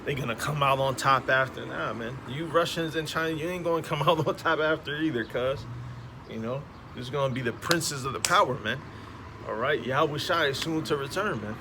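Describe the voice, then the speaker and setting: A man's voice: mid-range voice, a little fast. A man street preaching in a slangy, emphatic way, peppering his talk with "man, all right?" outdoors beside passing traffic.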